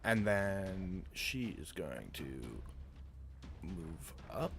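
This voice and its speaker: A man acting as game master, unhurried, describing scenes with pauses. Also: low-pitched, lively intonation, a bit bright, a little hiss or hum. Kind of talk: running a tabletop game.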